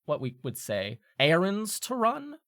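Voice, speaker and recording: A man's voice: sits high, huge pitch swings, a little slow, a bit bright, no room sound, studio quality. A man narrating a tabletop game as game master, rambling with many fillers and restarts.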